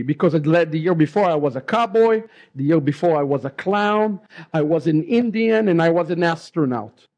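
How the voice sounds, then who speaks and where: Israeli accented rabbi guy, kinda high voice, tells his story animated, plays out the dialogue. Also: normal speed. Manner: lively storyteller who acts out remembered dialogue. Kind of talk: personal testimony storytelling.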